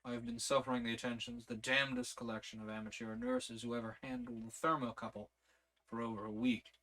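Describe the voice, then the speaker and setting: Gruff, grumbling injured man, short-tempered, slightly low, read by a man. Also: big pitch swings, a little fast, a bit bright. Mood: irritable. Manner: grumbling, curt.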